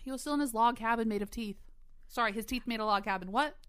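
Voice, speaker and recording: Young woman co-host with a fairly high voice and a teasing, jokey delivery. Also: quick pace, a bit bright, clear, resonant tone. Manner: joking, teasing asides. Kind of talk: casual chat.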